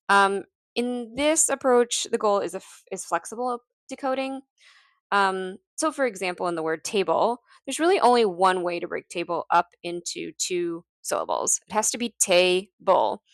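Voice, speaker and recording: A woman's voice: medium pitch, dry recording. A woman teacher casually walking through lesson concepts, with many ums, restarts and small laughs. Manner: informal, frequent ums, self-correcting, light laughs. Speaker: literacy teacher. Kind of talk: casual recorded teaching walkthrough.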